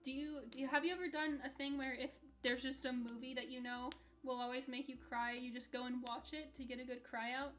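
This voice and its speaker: High-pitched and fairly bright, this young woman's voice has little pitch movement, and she speaks a little fast with few pauses. She reads her live chat while gaming, talking candidly in a rambling way full of restarts and soft laughter.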